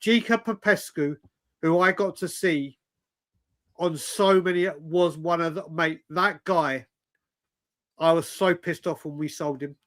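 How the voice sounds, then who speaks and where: A man's voice: fairly high pitch, a little slow, fairly bright tone. A man, telling stories animatedly on a casual live stream, swearing and saying "mate" constantly. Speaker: co-host.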